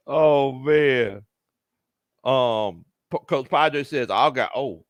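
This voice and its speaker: Reading viewer comments on his relaxed sports stream, this man, a show host and coach, laughs frequently and drops Southern slang in animated reactions. His mid-range voice moves very slowly. The audio is studio quality and echo-free.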